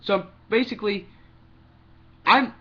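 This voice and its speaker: A man's voice: high voice, pushed and bright, dull audio. A young man giving a rambling opinion vlog about games, often stopping to restart his sentences. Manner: rambling, restarts often, talks fast in bursts. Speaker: gaming vlogger.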